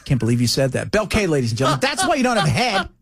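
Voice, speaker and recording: A man hosting a talk radio show, chatting casually in an animated, teasing, storytelling way. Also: on the high side, very fast, slightly rough, no room sound.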